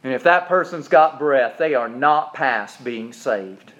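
A man preaching a sermon as pastor, shifting from loud, raised preaching to low, quiet storytelling. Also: lively intonation, measured pace, lo-fi sound. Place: church.

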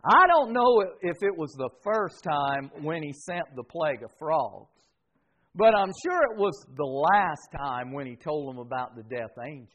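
A man preaching a sermon as pastor, swinging between loud emphasis and soft, quiet passages. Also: fairly high pitch, sing-song, unhurried, a little hiss or hum. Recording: dull lo-fi sound.

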